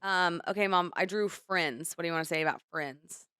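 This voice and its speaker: A woman's voice: on the low side, fairly quick, sharp tone, clear, resonant tone, no room sound, clean studio sound. A young adult woman co-hosting a podcast in casual chat, candid and rambling as she opens up. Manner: candid, rambling, emotional retelling. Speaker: podcast co-host.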